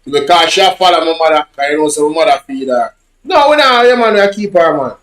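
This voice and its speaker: A man's voice: a little high, quick pace, echoey room. A man with a Jamaican accent, casually telling rambling, repetitive stories in patois to his online viewers. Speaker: social media vlogger. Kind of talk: casual storytelling chat.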